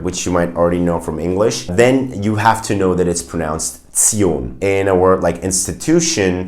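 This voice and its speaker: A man with a German accent teaching a language lesson, clearly and patiently explaining pronunciation and grammar with spoken examples. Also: sits low, darkish tone.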